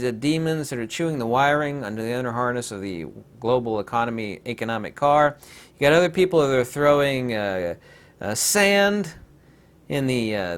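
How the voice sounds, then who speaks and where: A man hosting a rambling, sarcastic commentary video, full of digressions and mocking asides. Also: fairly high pitch.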